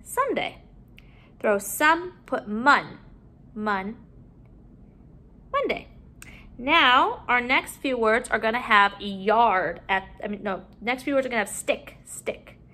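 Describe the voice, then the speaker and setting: A woman teaching a phonics lesson to young children at home, drawing out each word slowly and clearly. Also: on the high side. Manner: slow, drawn-out modeling of words, bright sing-song emphasis.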